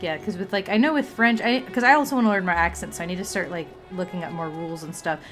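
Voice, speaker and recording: A woman's voice: lowish voice, quick pace, fairly bright tone, soft background music. A woman chatting casually on a livestream, rambling along with many fillers and restarts. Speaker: streamer.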